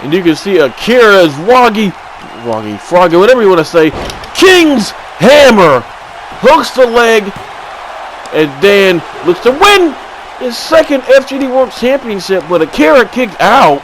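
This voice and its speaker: A man giving excited play-by-play commentary on a video game wrestling match, swinging from low mutters to sudden shouts. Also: moderate pace, rough recording. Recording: crowd and game noise behind.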